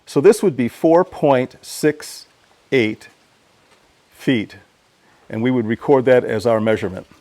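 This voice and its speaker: A man's voice: medium pitch, measured pace, mellow, no echo. A man hosting his own DIY channel who gives a patient, plain-spoken how-to explanation. He often stammers and restarts his sentences.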